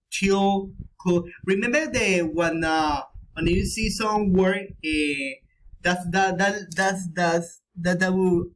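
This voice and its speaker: A young man giving a recorded English pronunciation lesson as a student, halting and restarting often while reading out word lists. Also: high voice, poor audio.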